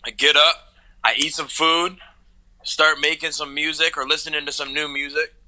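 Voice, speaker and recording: Laid-back Canadian man, very bright. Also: on the high side, steady tone, poor audio. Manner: laid-back, slangy, drawn-out. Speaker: music producer guest. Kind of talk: casual chat.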